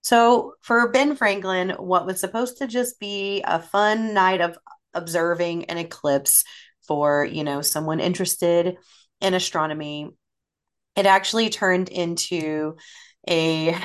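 A woman hosting a podcast, telling stories in a relaxed, chatty way with frequent fillers. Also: lowish voice, unhurried. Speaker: podcast host. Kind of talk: casual podcast storytelling.

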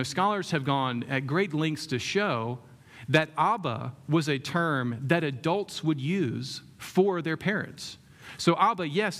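A man's voice: fairly high pitch, a bit bright. A man preaching a sermon in a conversational way, often asking the room questions and using many fillers. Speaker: pastor.

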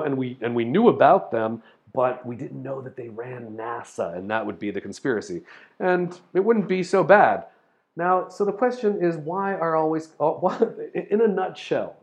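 A man hosting a casual explanatory monologue, rambling through ideas, spelling out words and filling pauses with ums and restarts. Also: on the high side, vocal fry, darkish tone, dull audio. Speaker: host explaining topics to listeners.

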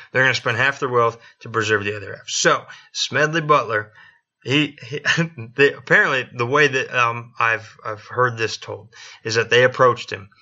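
A man spins a history tale on a casual podcast, cursing freely and slipping into the voices of the people he quotes. His tone is very bright and forceful. The recording sounds dull and lo-fi. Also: mid-range voice. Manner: profane, joking, acts out quotes. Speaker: podcast co-host.

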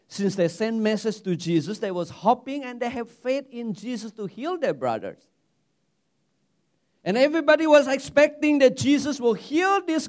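A man preaching a sermon as pastor, animated, repeating words and restarting his phrases. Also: sits high.

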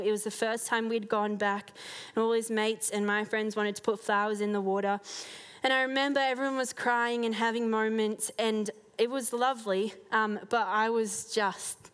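A woman giving a heartfelt personal faith testimony to a church gathering, earnest and sincere, with soft laughs now and then. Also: on the high side, flat delivery, normal speed, clear, resonant tone.

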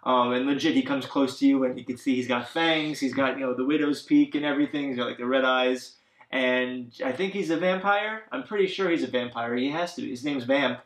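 A man's voice: mid-range voice, a little fast. Rambling man chatting in an echoey room. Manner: rambling, many fillers, acts out characters' lines. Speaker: podcast co-host recapping a video game. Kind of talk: casual chat.

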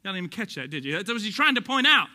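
A male pastor with a Texas accent preaching an animated, joking sermon, acting out quoted voices and sometimes shouting. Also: high voice, racing.

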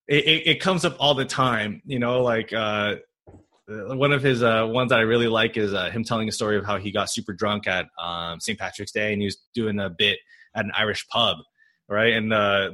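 A man in his thirties, a physical therapist speaking English as a non-native language, chatting casually on a podcast with lots of fillers, restarts and laughter. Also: on the low side. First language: not English. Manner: animated, many fillers and restarts, quick to laugh.

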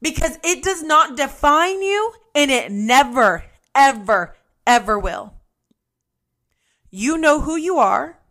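A woman's voice: sits high, animated, slow pace, a bit bright. A woman hosting a podcast, giving a blunt, emphatic motivational monologue and swearing freely. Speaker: podcast host.

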